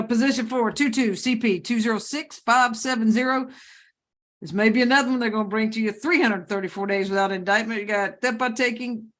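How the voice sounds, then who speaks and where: A woman presiding over a courtroom hearing, her voice sitting a little high. She reads charges and bond figures in a brisk way and slips in dry jokes between cases. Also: a bit bright. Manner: brisk and joking, reading out charges and bond amounts. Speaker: judge. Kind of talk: courtroom proceedings.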